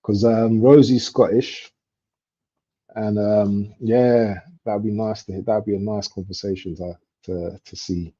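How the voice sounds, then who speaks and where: Brief: young male streamer, low, mellow and husky, excitable about chances, lo-fi mic. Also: unhurried. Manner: slangy, excitable outbursts at chances. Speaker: football watchalong streamer. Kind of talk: casual live commentary chat. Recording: dull lo-fi stream audio.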